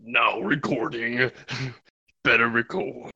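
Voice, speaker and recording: A man's voice: medium pitch, fairly even intonation, takes it slowly, creaky, pushed and bright, slightly rough, dry recording, highs cut off. A young man joining a podcast as a guest over a remote call, playful and jokey with casual swearing. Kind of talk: casual chat. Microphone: remote call over Discord.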